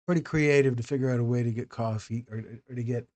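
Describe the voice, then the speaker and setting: A man's voice: medium pitch, fairly even intonation, fast talker, a little mellow. A man hosting a live stream, chatting casually with viewers by name and often restarting his phrases. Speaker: documentary host answering live chat.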